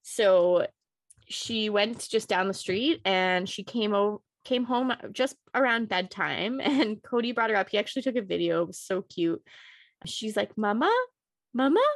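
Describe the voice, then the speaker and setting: A woman's voice: medium pitch, unhurried, no room sound. Chatty young woman, dry close sound. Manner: chatty, laughs often, many "like" fillers. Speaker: guest, new mother. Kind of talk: casual chat.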